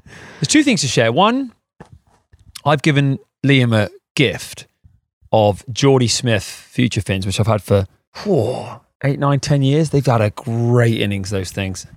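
A man's voice: mid-range voice, unhurried, no echo, clean studio sound. Rambling man hosting a podcast. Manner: rambling, animated, laughs often. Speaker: podcast host. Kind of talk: casual chat. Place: outdoors in a garden.

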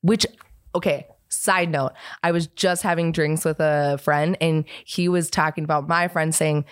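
A woman co-hosting a casual podcast chat, telling animated stories and laughing often. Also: sits low, normal speed, no room sound, studio quality. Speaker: podcast co-host.

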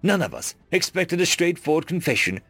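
Guy reading a scifi audiobook, lots of pitch movement, dry close sound, faint music behind. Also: brisk, dry recording. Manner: expressive storytelling, earnest. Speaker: narrator. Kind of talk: first-person audiobook narration.

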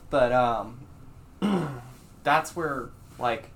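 Halting comic in casual chat. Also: medium pitch, a little hiss or hum. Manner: halting, full of fillers. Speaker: stand-up comedian.

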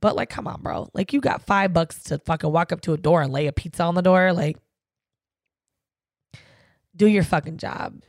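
A woman co-hosting a casual podcast, ranting in an animated way and swearing freely. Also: lowish voice, normal speed, vocal fry, long pauses, dry recording. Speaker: podcast co-host.

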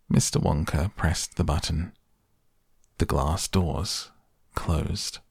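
A man narrates a children's story in a slow, measured way, his deep voice gravelly and husky. The sound is close and dry. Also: no echo. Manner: measured, expressive reading. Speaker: audiobook narrator.

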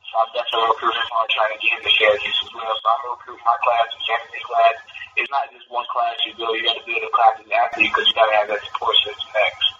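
A teenage man who is a high school football recruit, answering questions in an earnest, halting way with fillers. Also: completely flat delivery, far from the mic, highs cut off, heavy background noise.

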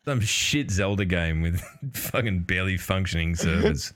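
A man's voice: sits low, normal speed, very noisy. A man hosting a casual chat show, rambling and swearing with frequent laughter. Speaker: podcast host.

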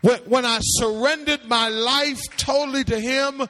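Male pastor-teacher with a high voice, animated preaching cadence, in a reverberant hall. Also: a little slow, a little hiss or hum. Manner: animated, calls out to the audience, sing-song rises into shouts. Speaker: pastor teaching a seminary class. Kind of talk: preaching-style Bible teaching.

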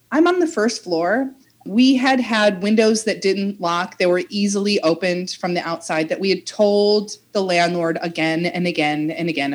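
Animated young woman telling a wild story. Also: on the low side. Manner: animated, acts out quotes, swears freely. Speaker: podcast host telling a story. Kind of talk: casual chat, storytelling.

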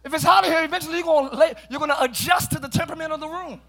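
A middle-aged male pastor preaching a sermon in a church, often shouting, with playful asides to the congregation. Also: very high voice, rapid-fire, vocal fry. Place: church sanctuary.

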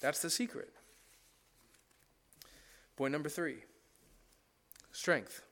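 A man with a high speaking voice delivers a sermon as pastor. His delivery is conversational yet emphatic, and he often checks in with the congregation. He builds each point through stacked parallel phrases. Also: extremely slow, a bit bright.

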